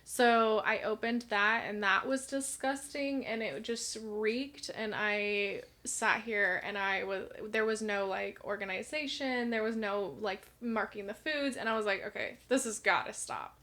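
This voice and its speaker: Bright-voiced young woman telling stories. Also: medium pitch, unhurried, hardly any pauses. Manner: chatty storyteller, acts out quotes. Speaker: podcast co-host. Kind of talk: casual chat.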